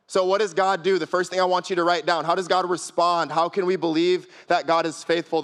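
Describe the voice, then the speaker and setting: A young man with a fairly high voice, preaching to a youth group. He talks casually and loosely, piling up repeated phrases and fillers as he builds his points. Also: a bit bright. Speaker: youth pastor. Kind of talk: sermon.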